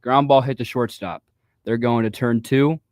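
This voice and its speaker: A man's voice: mid-range voice, steady tone, moderate pace, a little mellow, no room sound. A man who coaches youth baseball, telling a story in casual chat and acting out the quoted exchanges with animation. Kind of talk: casual storytelling on a talk show.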